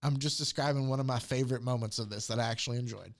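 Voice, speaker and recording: A man's voice: medium pitch, rapid-fire. Chatty man recapping a comic. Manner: retells scenes and quotes characters in passing. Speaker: podcast co-host recapping a comic. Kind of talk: casual chat.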